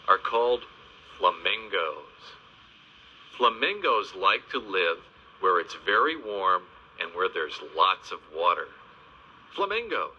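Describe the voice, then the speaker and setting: A man narrating a children's video in a slow, sing-song teaching voice, stressing each animal name with gentle, exaggerated emphasis. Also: fairly low pitch, slight background noise. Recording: dull, lo-fi old video soundtrack.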